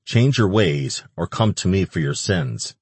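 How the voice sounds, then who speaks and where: A man's voice: low-pitched, lively intonation, unhurried, breathy edge, no room sound, heavily acted. A man voicing a surly, foul-mouthed male demon king who curses and snaps irritably. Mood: scornful. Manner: crude, irritable and cursing.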